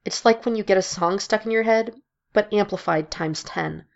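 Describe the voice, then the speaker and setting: A woman's voice: medium pitch, moderate pace, gravelly, dull audio, pitched above the performer's own voice, lightly acted. A woman voicing Mara, an anxious, sleepless young woman.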